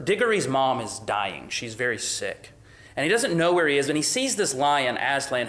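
Guy preaching a sermon, chatty with lots of "like", goes big and loud then drops to a whisper. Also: medium pitch. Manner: swings from loud emphatic peaks to hushed whispers; conversational, uses "like" often. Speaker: pastor.

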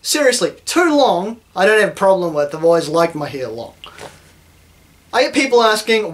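A young man from New Zealand talks straight to camera in a satirical vlog. His New Zealand accent rides a high-pitched voice, and he swears freely as he plays at being indignant. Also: sing-song, normal speed, fairly bright tone. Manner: sarcastic, profane, mock-indignant. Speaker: YouTuber. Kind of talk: sarcastic vlog rant.

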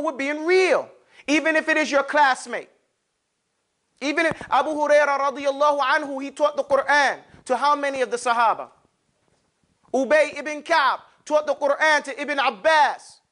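A man with a high, bright voice leads a classroom lesson on pronouncing letters. He talks to his students in an animated way and exaggerates each sound so the room can copy it. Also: brisk. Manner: animated, demonstrates sounds with exaggerated mouth shapes. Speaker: Arabic pronunciation teacher.

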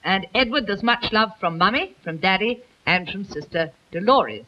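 A woman's voice: mid-range voice, lively intonation, moderate pace, pushed and bright. A woman presenting a light entertainment TV programme, chatting and teasing the musicians before reading out birthday greetings in a studio. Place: television studio. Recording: dull lo-fi 1950s TV recording.

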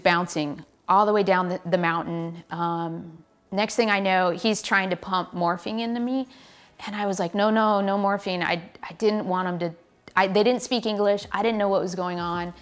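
An American woman, a professional cyclist, telling a story in a casual, animated way and acting out the lines people said to her. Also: fairly low pitch. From United States. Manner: animated, relives the scene with quoted lines.

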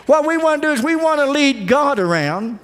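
A man's voice: very high-pitched, sing-song, fairly quick, a bit bright, big-room sound. A man preaching a folksy sermon as pastor, acting out the voices he quotes. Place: church sanctuary.

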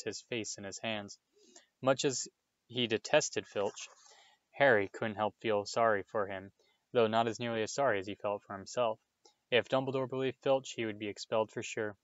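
A man reading a children's novel aloud in a steady, measured way. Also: lowish voice, dry recording, lo-fi sound. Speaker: reader. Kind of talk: audiobook read-aloud.

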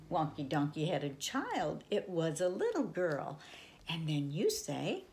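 An older woman reads a picture book aloud to children at an unhurried pace, with her voice swooping all over in a playful sing-song and dropping now and then to soft whispers. Her voice sits fairly low and has a gravelly edge. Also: very animated, slight background noise. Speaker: children's storyteller.

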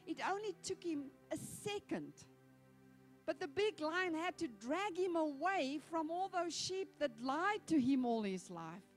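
A woman pastor delivers a sermon in a high voice, telling stories in an animated, conversational way. Soft music plays faintly in the background. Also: measured pace.

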